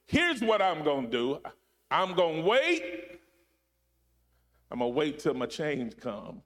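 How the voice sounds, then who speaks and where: A man preaching a sermon, repeating his phrases and swinging between loud emphasis and hushed, low drops. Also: wildly swooping pitch, takes it slowly. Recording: long hall reverb.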